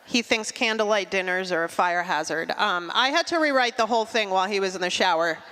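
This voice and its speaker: A middle-aged woman doing a stand-up comedy set, with a dry, deadpan delivery and quick asides. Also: medium pitch, slight background noise. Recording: long hall reverb.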